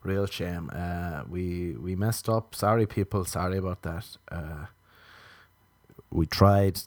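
A man's voice: low voice, slow, darkish tone, dry recording. A man, delivering a self-mocking comic monologue. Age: 30s. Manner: ranting, self-mocking, acts out his own inner voice. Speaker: comedian.

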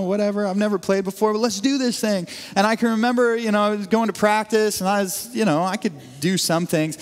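A young adult man preaching a sermon, telling stories in a loose, conversational way with frequent restarts. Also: mid-range voice. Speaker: pastor. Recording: long hall reverb.

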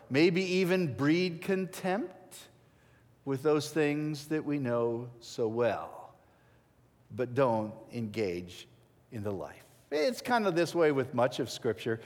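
A male pastor preaches slowly and deliberately, his fairly high voice rising and falling widely. He stresses key words, then lets phrase endings sink to a near hush. The sound carries the long reverb of a large hall. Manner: emphatic, with dramatic drops to near silence at phrase ends. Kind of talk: sermon.

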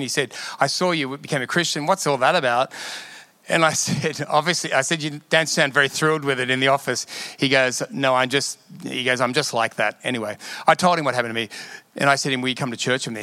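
A middle-aged pastor from Australia preaching a sermon, telling stories with animated emphasis and frequent laughter. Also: male voice, medium pitch, no echo.

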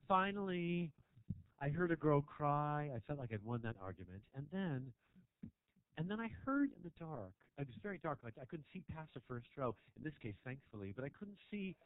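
A man's voice: fairly high pitch, big pitch swings, moderate pace, no room sound, phone-quality sound. A man doing a stand-up set in a small club, rambling provocatively and teasing the audience. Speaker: stand-up comedian. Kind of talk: stand-up set, crowd work. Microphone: handheld stage mic.

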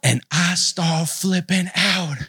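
A high-pitched male pastor preaching to students at a retreat. He tells a story with lots of energy, then sinks his voice low and slow when he makes the point. He sounds like a man in his thirties, casual and direct with his listeners. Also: bright, forceful tone, slightly rough. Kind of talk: sermon with personal story. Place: youth retreat hall.

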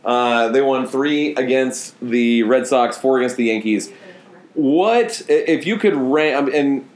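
A man's voice: mid-range voice, a little slow, roomy sound. A man hosting a casual sports podcast, teasing his co-host and laughing often.

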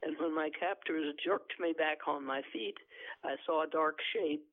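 A man reads his own novel aloud in measured first-person narration, then chats about the plot, sometimes correcting himself. His voice sits a bit higher than most men's and has a gravelly texture. Everything comes through a tinny, phone-like line. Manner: measured reading, with occasional self-corrections. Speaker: author reading his novel. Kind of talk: book reading and phone interview.

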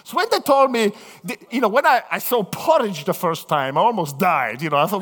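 A man from southern Italy with an Italian accent, preaching a sermon through lively personal stories, acting out the voices in them. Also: high voice, brisk. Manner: animated storytelling, acts out voices in quotes. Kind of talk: anecdotal sermon. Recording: long hall reverb.

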